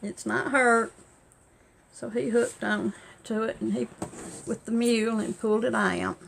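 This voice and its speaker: Older woman, folksy family storyteller, gravelly, loud sewing-machine hum behind. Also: a little high, normal speed, low-quality recording. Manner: folksy, animated in quotes, laughs. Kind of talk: casual oral storytelling. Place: home sewing room.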